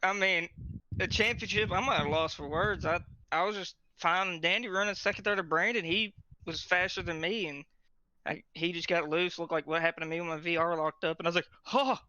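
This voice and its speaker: A young man, out of breath and excited, being interviewed right after winning a sim race championship. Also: sits high, brisk, dry recording. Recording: dry, dull lo-fi mic.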